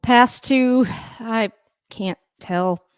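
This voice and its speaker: A woman giving casual live reaction to a football game, with wry asides and a high coaxing voice for her dogs. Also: drawn-out words, clear, resonant tone, dry recording, clean studio sound. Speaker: host of a football reaction channel. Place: at home.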